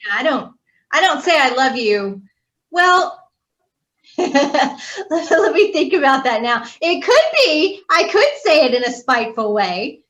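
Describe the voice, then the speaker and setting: Woman panelist, high voice, playful, laughs a lot, acts out quotes. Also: big pitch swings, unhurried, fairly bright tone. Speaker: show panelist. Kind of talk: casual group chat.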